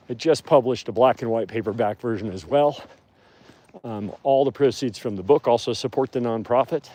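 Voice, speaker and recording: A man's voice: medium pitch, dark tone. Chatty man livestreaming outdoors. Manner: rambling and chatty, with easy laughter. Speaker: wolf sanctuary host. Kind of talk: casual livestream chat. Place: outdoors by wolf enclosures.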